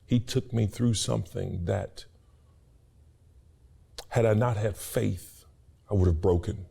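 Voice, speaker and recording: Gravelly, dark-voiced man giving earnest testimony. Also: takes it slowly. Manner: earnest, preacherly, repeats words and rises in pitch as emotion builds. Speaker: university staff member and interview guest. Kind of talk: emotional personal testimony in an interview.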